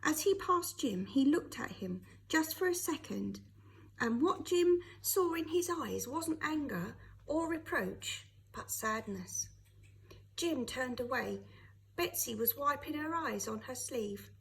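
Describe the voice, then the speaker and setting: A woman, a teacher, reading a children's novel aloud with expressive storytelling. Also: high-pitched, slow, creaky, poor audio.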